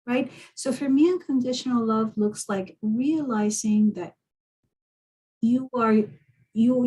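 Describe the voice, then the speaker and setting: A woman's voice: on the high side, mellow, low-quality recording. A woman, a guest on a video call, talking reflectively through a personal story with frequent restarts. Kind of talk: casual conversation.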